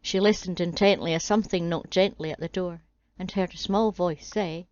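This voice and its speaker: A woman's voice: on the low side, steady tone, normal speed, a little mellow, no room sound, highs cut off. A woman reading a comic fairy tale as a storyteller, with a dry, wry delivery.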